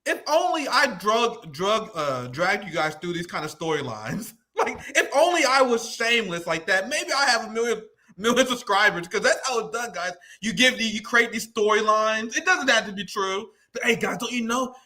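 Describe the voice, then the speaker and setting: Bright-voiced sarcastic man, high pitch. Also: sing-song, moderate pace. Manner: sarcastic, mocking, laughs often. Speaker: co-host. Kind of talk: political livestream chat.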